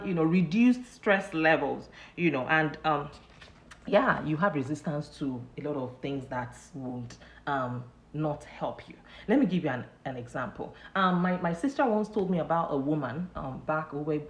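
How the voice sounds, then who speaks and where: A woman with a deep, lively voice hosts a casual live motivational talk at a normal pace, her words echoing in a reverberant space. She's chatty, loose and repetitive, leaning heavily on "you know" fillers, and often breaks into laughter at her own stories.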